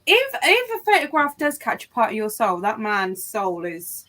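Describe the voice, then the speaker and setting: A woman chatting with friends in an animated, playful way, quick with jokes. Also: fairly high pitch. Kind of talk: casual chat among friends.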